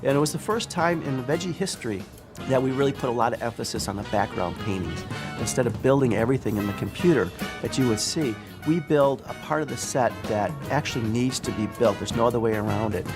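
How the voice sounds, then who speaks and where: A man who designed backgrounds, explaining his work in an easygoing interview manner with pauses. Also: mid-range voice, lively intonation. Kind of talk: behind-the-scenes interview. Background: music.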